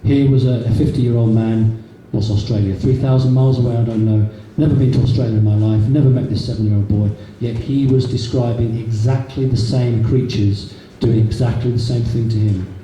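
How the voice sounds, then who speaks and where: A man's voice: medium pitch, fairly even intonation, brisk, hardly any pauses, warm tone, far from the mic. A man giving an anecdotal public talk to an audience, in a chatty storytelling way with repeated words. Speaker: guest speaker. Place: meeting hall. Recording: echoey hall from a room recorder, faint noise.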